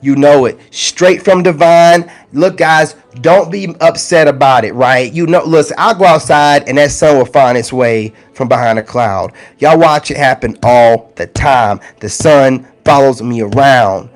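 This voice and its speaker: A man talking casually and directly to his viewers, animated and teasing, with big swings in his voice. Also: medium pitch, a little slow, hardly any pauses, faint music behind. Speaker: spiritual content creator. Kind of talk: casual direct-to-camera talk.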